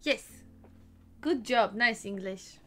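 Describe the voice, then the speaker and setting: A woman's voice: a little high, slow pace, sharp tone. A woman streaming a game live, chatting casually and teasing her teammates with lots of laughter. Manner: playful, teasing, laughs often. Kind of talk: casual live gaming chat.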